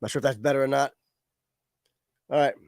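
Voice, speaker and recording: A man's voice: mid-range voice, steady tone, a little fast, gravelly, dry recording. Man, casual livestream host, easygoing, dry studio sound. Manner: laid-back, chatty, addresses viewers as y'all. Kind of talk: casual live-stream chat. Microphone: studio microphone with audio interface.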